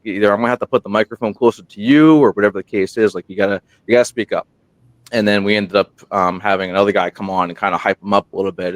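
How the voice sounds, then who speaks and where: A man on a podcast, a guest who hosts his own show, telling stories in a rambling, animated way and acting out quotes, sounding tired at night. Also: fairly low pitch, no room sound. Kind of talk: casual interview storytelling. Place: remote room while on military deployment. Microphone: single portable microphone.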